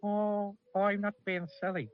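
A man's voice: high voice, flat delivery, unhurried, phone-quality sound, pitched above the performer's own voice. A man voicing a cheeky, skipping little male goblin in a teasing, sing-song way for an old cartoon. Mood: impish.

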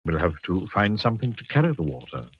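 A man voicing a modest, immensely strong man in a calm, matter-of-fact tone, a little lower than his own voice. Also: fast, slight background noise. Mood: decisive. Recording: dull lo-fi sound.

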